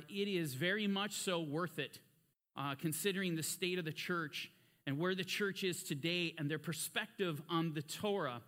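A man preaching through a Bible lesson in a high, bright voice. He speaks with emphatic fervor and keeps pressing his listeners with rhetorical questions. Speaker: Bible teacher. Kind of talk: sermon-style Bible teaching.

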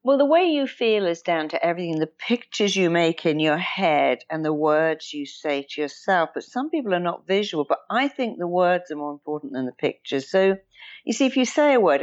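A woman therapist with a deep voice explains her ideas with emphasis. She acts out sample phrases in shifting tones to make her point. The recording sounds dull and lo-fi. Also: expressive, moderate pace. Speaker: therapist guest. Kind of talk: interview explanation.

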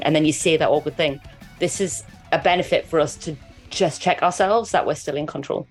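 A woman's voice: low voice, a little fast, faint music behind. A woman co-hosting a nature podcast, rambling and giggly in casual chat. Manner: rambling, giggly, lots of fillers. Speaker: podcast co-host.

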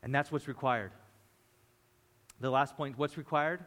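Guy preaching a sermon, animated storytelling, big echoey church sound. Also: medium pitch, unhurried. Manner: lively storytelling, acting out the disciples. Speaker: pastor. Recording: long hall reverb.

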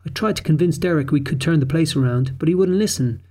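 A man's voice: a little high, fast talker, darkish tone, natural voice. A man voicing an adult woman park manager who earnestly confesses and explains herself. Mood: earnest confession.

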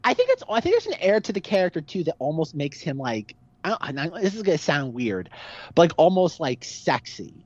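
A man co-hosting a laid-back movie podcast, his voice set a little high and heard in a dry, somewhat dull recording. He rambles, piles up fillers and restarts, and talks himself into animated points. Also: a little fast, no room sound. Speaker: podcast co-host. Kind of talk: casual movie discussion.

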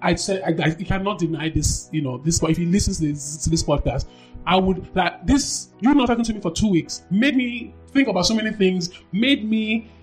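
A woman shares her story as a podcast guest, talking with lively emphasis and doubling back on her words. Her voice lifts sharply when she acts out what she once said. Faint music sits low underneath. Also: moderate pace. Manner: animated, emphatic, acts out quoted dialogue, repeats phrases. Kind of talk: candid personal storytelling.

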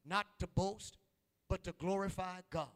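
High-voiced preacher in a church hall. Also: male voice, fairly even intonation, unhurried, fairly bright tone. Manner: call-and-response preaching, rising and falling intensity. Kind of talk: sermon.

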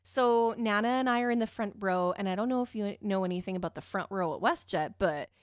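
A woman telling a personal story in a casual, animated way, giggly and swearing freely. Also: mid-range voice, fairly quick, clear, resonant tone, dry recording, clean studio sound.

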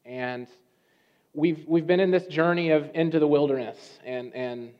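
A man preaching a sermon, telling a story in a conversational way with restarts and pauses. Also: a little high. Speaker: pastor. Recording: dull lo-fi sound.

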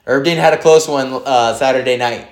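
Guy hyped about a fight, swears constantly, laughs easily, roomy echo. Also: mid-range voice. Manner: animated, profane, quick to laugh. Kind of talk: casual fight-watching chat.

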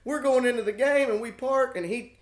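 A man telling profane, animated stories on a podcast and acting out what other people said. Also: very high voice, a little fast, reverberant. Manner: profane, animated storyteller who acts out other people's lines. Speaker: podcast co-host. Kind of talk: casual storytelling chat.

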